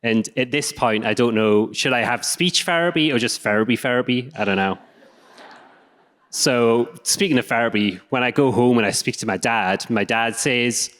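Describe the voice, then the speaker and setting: On a hall stage, in an echoey recording, a man with a regional English accent from England speaks at normal speed in a medium-pitched, fairly bright voice. His live talk is conversational and self-deprecating.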